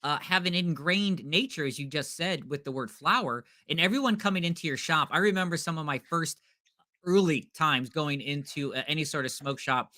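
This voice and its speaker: Chatty, bright male podcast co-host. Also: fairly high pitch, moderate pace. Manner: chatty, asks questions, jokes. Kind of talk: casual chat.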